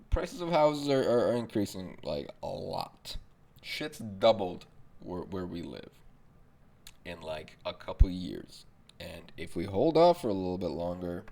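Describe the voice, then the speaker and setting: A man's voice: lowish voice, a little mellow. Profane ranting young man podcaster. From Arab background. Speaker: podcast host. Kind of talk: casual monologue rant.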